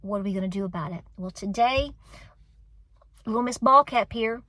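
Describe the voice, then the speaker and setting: Speaking at normal speed with a medium pitch and a bright, forceful tone, a homestead channel host addresses her viewers in a dry recording. She is in her forties, has a Southern US accent, and is tearful, earnest and encouraging, repeating phrases for emphasis.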